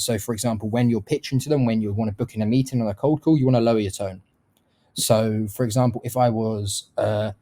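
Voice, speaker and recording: A man's voice: medium pitch, mellow. A man giving a casual sales lesson, explaining bluntly, swearing now and then, and demonstrating how to shift his tone. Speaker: sales trainer. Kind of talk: casual instructional talk.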